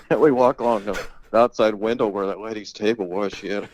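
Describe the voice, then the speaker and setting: A man's voice: fairly low pitch, normal speed, a little mellow, slight background noise, low-quality recording. An older man, the host's father, telling rambling stories in casual conversation, laughing often and swearing freely. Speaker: interviewee, father of the host. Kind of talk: casual storytelling.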